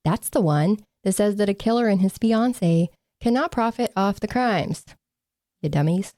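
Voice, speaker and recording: A woman's voice: medium pitch, lively intonation, moderate pace, warm tone, no echo, studio quality. A woman co-hosting a casual true-crime podcast, sarcastic and laughing as she mocks the people she talks about. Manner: sarcastic, laughing, mocking quotes. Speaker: podcast co-host.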